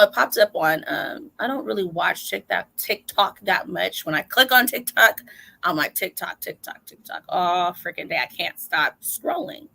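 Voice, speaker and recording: A woman's voice: lowish voice, gravelly, bright, forceful tone, poor audio. A young woman hosting a casual live stream chat, talking loosely to her viewers and fiddling with her mic. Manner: chatty, fixing mic mid-stream.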